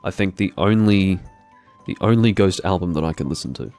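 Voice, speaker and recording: A man with a very low, gravelly voice talks through a live game session in a loose, rambling way. He drifts into dry, self-deprecating asides. Faint game music runs quietly underneath. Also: fairly quick. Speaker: gaming streamer. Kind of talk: live gameplay commentary.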